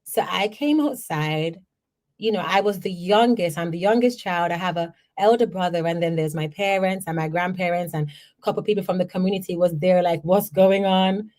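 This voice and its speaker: Woman from jamaica telling stories on her podcast, animated, keeps checking you follow. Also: lowish voice, a little fast. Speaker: podcast host. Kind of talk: personal storytelling.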